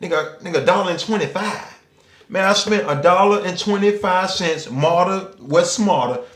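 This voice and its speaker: A man's voice: high-pitched, moderate pace, fairly bright tone, reverberant. A man with an Atlanta Southern accent, hosting his own channel in a casual, profane monologue full of "you know what I'm saying" fillers, now and then acting out the people he quotes. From Atlanta, Georgia. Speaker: channel host.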